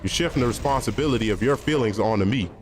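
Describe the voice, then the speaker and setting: Male streamer, mid-pitched, casual and blunt, lots of slang, voice rings with a long reverb tail. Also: fast, background noise. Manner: blunt, opinionated, rambling with slang and profanity.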